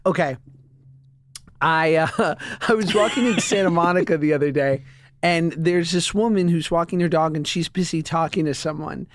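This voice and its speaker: A man's voice: fairly high pitch, normal speed, dry recording. A man co-hosting a comedy podcast, telling a funny anecdote with frequent laughter. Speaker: podcast co-host. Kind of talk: comedic casual podcast chat.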